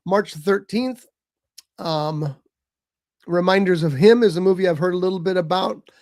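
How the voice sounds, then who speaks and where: Male co-host, high voice, chatty and exasperated, casual stream talk. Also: moderate pace, a little mellow. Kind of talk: casual movie chat. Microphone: streaming mic.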